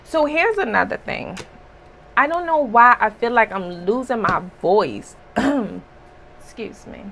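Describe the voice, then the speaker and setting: A woman's voice: on the high side, animated, unhurried, fairly bright tone, a little hiss or hum. A woman giving a casual spiritual reading, talking bluntly and emphatically with a scolding tone. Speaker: spiritual reader.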